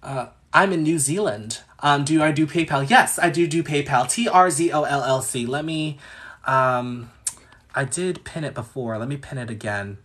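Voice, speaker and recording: Brief: man, astrologer running live chart readings, chatty, sassy, mid-pitched voice. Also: moderate pace, a bit bright. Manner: chatty and sassy, rambling asides. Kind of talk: casual livestream chat.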